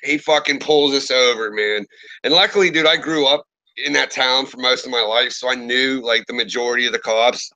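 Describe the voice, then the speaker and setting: A man's voice: medium pitch, brisk, rough recording. A man in his thirties casually telling profane stories in a live chat, acting out the people in them. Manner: profane, animated storyteller with lively quoted voices.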